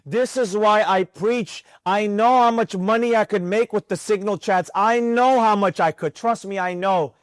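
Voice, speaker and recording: A man teaching a live mentorship class on trading, talking in an animated, preachy way and repeating himself for emphasis, with students in the room. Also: high voice, normal speed, hardly any pauses, dry recording.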